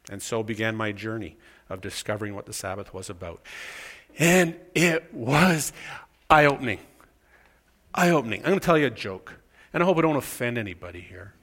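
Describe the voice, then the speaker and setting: Preaching in a chatty, self-mocking manner, a middle-aged Canadian man tells stories and voices the people in them. His fairly low, fairly bright voice swings widely in pitch at a moderate pace.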